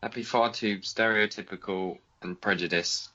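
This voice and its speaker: A man co-hosting a podcast, speaking in a hesitant, deadpan way in casual chat. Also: lowish voice, normal speed, lo-fi sound, very noisy. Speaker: podcast co-host.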